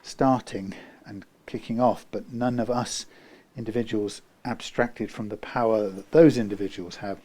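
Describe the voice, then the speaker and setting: A man working as a guitar technician who muses aloud while he works, rambling and often trailing off into quiet muttering. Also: on the low side, steady tone, normal speed, hardly any pauses.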